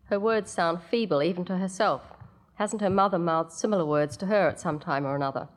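A woman narrating a story aloud in a measured way, with the odd casual aside. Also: fairly low pitch.

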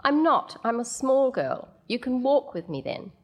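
A woman reading a story, voicing a stubborn six-year-old girl in a piping, shrill voice. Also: very animated, measured pace, exaggerated voice. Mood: wheedling.

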